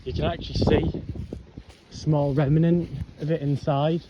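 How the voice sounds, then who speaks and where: A man's voice: fairly high pitch, flat delivery, normal speed, lo-fi sound. A young man giving casual walking commentary while he explores old ruins, rambling with lots of ums, a bit out of breath. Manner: rambling, chatty, frequent ums and whatnots. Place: outdoors on a windy hillside. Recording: noisy outdoor camera audio.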